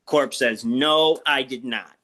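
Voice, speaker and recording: A man's voice: medium pitch, takes it slowly, sharp tone. A man in his forties from the Chicago area, telling profane, laugh-filled stories as a guest in a casual interview. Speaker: wrestler guest.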